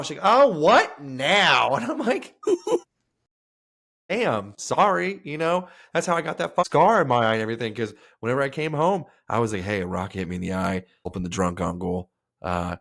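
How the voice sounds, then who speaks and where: Crude jokey podcast host. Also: male voice, on the low side. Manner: crude, jokey, acts out quoted voices. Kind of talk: casual banter.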